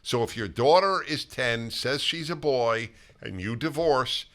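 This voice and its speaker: An older man hosting a political talk show conversation, emphatic and halting, with frequent restarts. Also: mid-range voice, a bit bright. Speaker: host.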